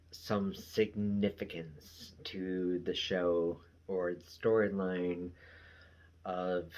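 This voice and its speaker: A man with a low, deep voice recapping a TV episode in a loose, casual way. He talks slowly and unhurriedly, rambling along with fillers and trailing asides. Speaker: show reviewer.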